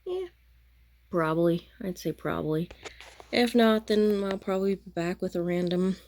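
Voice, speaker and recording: Tired, gravelly-voiced crafting woman. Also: fairly low pitch, lively intonation, moderate pace, a little mellow, a little hiss or hum. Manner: rambling, self-interrupting, chatty. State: tired late at night. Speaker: craft vlogger. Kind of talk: casual chat to camera.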